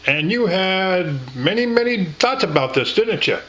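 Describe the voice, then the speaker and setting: A man's voice: high voice, big pitch swings, a little slow, a bit bright, a little hiss or hum, poor audio. A man reminiscing in casual chat, rambling and affectionate, with casual swearing. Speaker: co-host.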